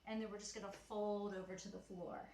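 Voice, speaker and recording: A woman's voice: medium pitch, level tone, fairly quick, warm tone. A woman teaching a beginner Pilates mat class at home, slightly out of breath, cueing moves and counting reps in an encouraging, chatty way. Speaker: Pilates instructor. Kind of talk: guided mat workout cueing. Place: home room. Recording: echoey room, faint ambient noise.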